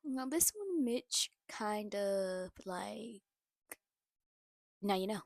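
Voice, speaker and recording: Animated, slangy woman recapping a movie. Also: medium pitch, drawn-out words, gravelly, no room sound, studio quality. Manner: animated, slangy, laughs often. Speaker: movie reaction vlogger.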